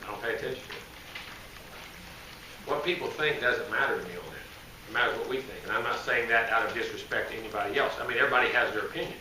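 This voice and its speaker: A man's voice: mid-range voice, quick pace, distant mic. A man, a head football coach answering press questions in a rambling, folksy, self-correcting way. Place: media day press room. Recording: echoey room, voice from afar, faint noise.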